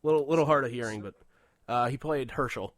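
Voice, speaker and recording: A male podcast host telling stories casually, with plenty of cursing and laughs in between. His voice sits at a middle pitch. The sound is dry and close to the mic. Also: a little fast, no echo. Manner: animated storytelling, heavy swearing, frequent laughter. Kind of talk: casual chat.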